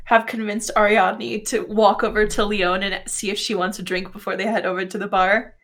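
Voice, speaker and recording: A woman's voice: medium pitch, little pitch movement, normal speed, a bit bright. A woman player in a tabletop game, chatty and laughing often as she describes her character. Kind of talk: casual tabletop play.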